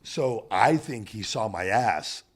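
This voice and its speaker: A man in his thirties hosting a podcast, telling a gym story in casual, profane, animated chat. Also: on the low side, slow, slightly rough. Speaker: podcast host.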